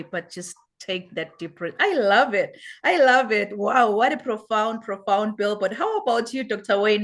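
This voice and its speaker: Effusive woman hosting a talk show. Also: medium pitch. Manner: effusive, repeats "wow". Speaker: host. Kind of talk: enthusiastic interview show hosting.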